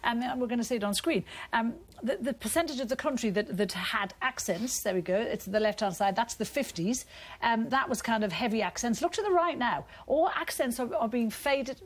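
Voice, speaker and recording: A northern English woman with a fairly high voice chats on a panel show. She talks brightly and leads a light game with laughing asides. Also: expressive, a little fast. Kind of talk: casual panel chat.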